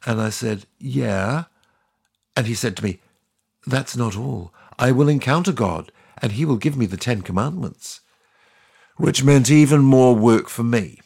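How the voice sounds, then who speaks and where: Husky wry man telling a comic story. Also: mid-range voice, a little slow. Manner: wry deadpan storytelling with bursts of exasperation. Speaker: narrator playing God. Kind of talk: scripted comic monologue.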